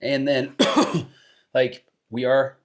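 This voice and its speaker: A young man chatting as a guest on a podcast, loose and easygoing. He drops slang like bro and man between his thoughts, and his pitch sits in a normal middle range for a man. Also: monotone, extremely slow. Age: young adult. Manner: laid-back slangy talk, says bro and man. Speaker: podcast guest, roofer and rapper. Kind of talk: casual podcast chat.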